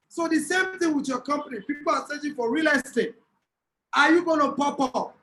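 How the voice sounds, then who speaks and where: A Nigerian man giving a motivational talk at an online summit, telling a lively story and asking the audience to type replies. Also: extremely high pitch, slight background noise, poor audio. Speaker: speaker at an online business summit.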